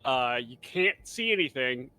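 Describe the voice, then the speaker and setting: A man playing a tabletop game, explaining his character's moves in a halting way with many fillers. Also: mid-range voice, very animated, bright, forceful tone. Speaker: player.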